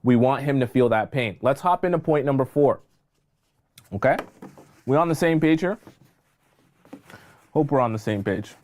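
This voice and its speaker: A man's voice: mid-range voice, animated, moderate pace, pauses often, darkish tone. A man giving dating advice on a livestream, emphatic and repetitive, checking in with his viewers. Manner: emphatic, repeats points, checks in with "okay?". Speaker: dating coach.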